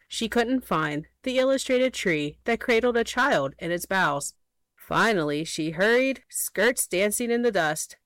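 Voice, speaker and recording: A woman narrating a children's storybook aloud in an expressive, playful way. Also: mid-range voice, no echo.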